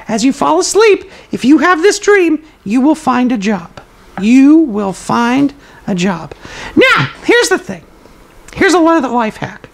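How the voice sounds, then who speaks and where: A cheerful toilet paper roll puppet with a very high, squeaky voice. The puppet hosts a comedic live stream and gives absurd tips with confident, matter-of-fact delivery. It turns to the viewers now and then with a few ums and uhs. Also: male voice, vocal fry, heavily acted. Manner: chats to the live chat, hesitant fillers.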